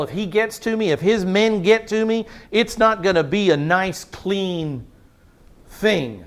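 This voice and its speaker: Male pastor, high voice, emphatic sermon delivery, quizzes the congregation. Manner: emphatic, repeats words for stress, asks the congregation questions.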